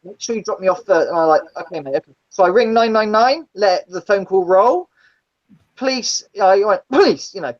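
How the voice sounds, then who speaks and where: A woman tells gritty stories in casual chat. She is blunt and swears freely, and she acts out the people she describes with a very lively pitch. The stream audio sounds dull and lo-fi. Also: brisk, hardly any pauses. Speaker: guest, former taxi driver. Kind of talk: casual storytelling in a live chat.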